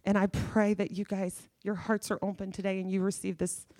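A woman's voice: medium pitch, little pitch movement, brisk, dark tone, dry recording, clean studio sound. A middle-aged woman preaching a sermon with fervor, emphatic and repeating phrases for effect.

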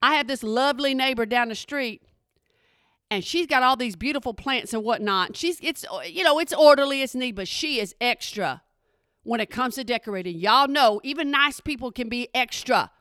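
A woman with a drawl delivers a comedic rant, exasperated and emphatic. Her voice sits high and sounds bright and sharp. The recording is dry and close, with no room sound. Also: moderate pace, dry recording. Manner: exasperated, sassy, emphatic, addresses viewers as y'all. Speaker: vlogger. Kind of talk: comedic ranting monologue.

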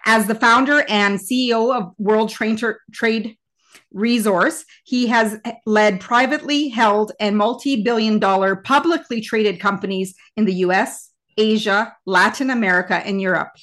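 A woman hosting an interview podcast, introducing her guest in measured list-like phrases and asking questions. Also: medium pitch, fairly bright tone. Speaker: podcast host.

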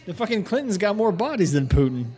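Crude swearing man, higher voice. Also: sing-song, quick pace, warm tone. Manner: crude, heavy swearing, joking. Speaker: podcast co-host. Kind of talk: casual comedy chat.

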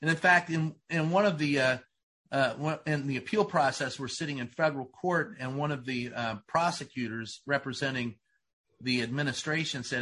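Bright-voiced man telling a rambling story. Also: medium pitch, slightly rough. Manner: rambling, halting with many fillers and restarts. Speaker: White House correspondent. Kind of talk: casual storytelling.

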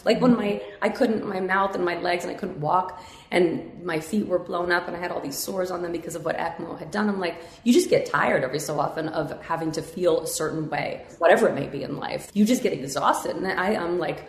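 A woman's voice: on the low side, normal speed, echoey room. A woman guest in a podcast interview, talking candidly and upbeat with many fillers.

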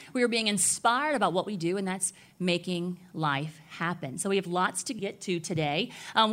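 A woman's voice: mid-range voice, fairly bright tone. Woman, live podcast co-host, chatty, upbeat, conference stage.

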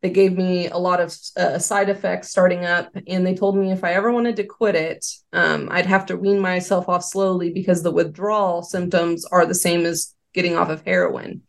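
A woman's voice: on the low side, steady tone, moderate pace, creaky, hardly any pauses. A woman guest on an interview podcast, earnestly recounting a personal story with many fillers. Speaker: interview guest, former quality control worker. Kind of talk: casual interview testimony.

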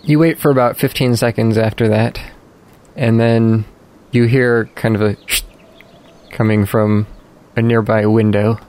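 A man narrating calmly and descriptively as game master of a tabletop game. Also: fairly low pitch, a little slow.

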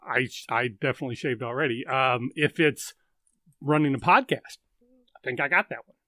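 Relaxed man hosting a live chat. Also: medium pitch, normal speed, no room sound. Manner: relaxed, chatty, reads out viewer questions. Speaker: podcast host, reading chat questions. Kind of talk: casual live chat show.

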